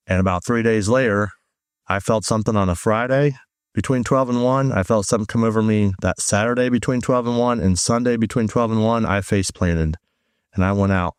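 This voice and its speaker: Low-voiced man telling his testimony. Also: fairly quick, clean tone, dry recording, studio quality. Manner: rambling, animated storytelling with many fillers. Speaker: guest sharing his testimony. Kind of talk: conversational testimony.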